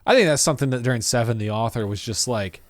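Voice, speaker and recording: A man co-hosting a movie podcast, relaxed, with short replies and quips. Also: medium pitch, fast talker, dry recording, studio quality. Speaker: podcast co-host. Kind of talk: casual movie chat.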